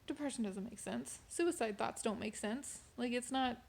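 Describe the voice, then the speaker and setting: A young woman sharing a personal testimony in a vlog, in a fairly high voice. She talks in a candid, casual way and leans on conversational fillers. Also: moderate pace, creaky. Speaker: vlogger sharing a personal faith story.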